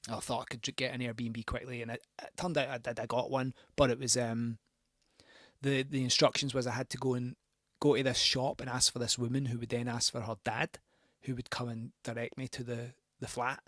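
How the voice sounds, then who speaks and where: A man's voice: mid-range voice, little pitch movement, a little fast, a bit bright, no room sound, studio quality. A man hosting a record show, telling a rambling, sweary, self-mocking anecdote between records. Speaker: radio host spinning records.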